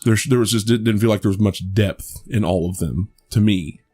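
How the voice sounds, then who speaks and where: This podcast co-host has a lowish, slightly mellow voice with a bit of roughness, speaking at a normal pace. His casual movie review wanders, full of restarts and the occasional curse.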